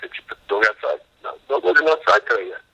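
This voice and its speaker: A man talks fast and emphatically as the guest in an interview, with a bright, forceful edge to his voice. He tells his stories in an animated way, acting out both sides of each conversation. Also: mid-range voice, gravelly, breathy edge, dull audio. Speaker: animal rescue worker, guest. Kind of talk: interview, storytelling.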